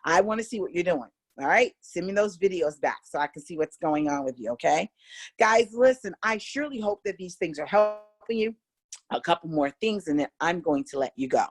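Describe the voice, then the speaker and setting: A middle-aged woman with an American accent teaching a casual voice lesson, animated and coaxing, chatting straight to her students. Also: on the low side, brisk. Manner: animated, coaxing, demonstrates exercises aloud. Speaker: vocal coach.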